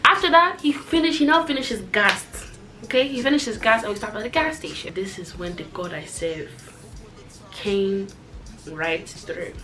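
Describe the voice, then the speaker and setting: Animated, sarcastic young woman vlogger. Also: normal speed. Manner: animated, sarcastic, jumps high in pitch when outraged; drops low and quiet for asides. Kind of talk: storytime chat.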